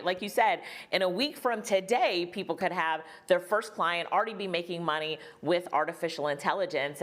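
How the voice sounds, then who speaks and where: A woman's voice: fairly low pitch, fairly bright tone. A woman hosting an online business summit, chatting in an upbeat, affirming way with easy laughter. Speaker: host. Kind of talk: interview chat.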